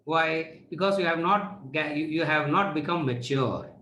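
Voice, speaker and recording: A man's voice: on the high side, normal speed, pushed and bright, slight background noise. Man lecturing with rhetorical questions. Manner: repeats rhetorical questions and answers them. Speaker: spiritual teacher. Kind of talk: lecture to students. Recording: echoey room.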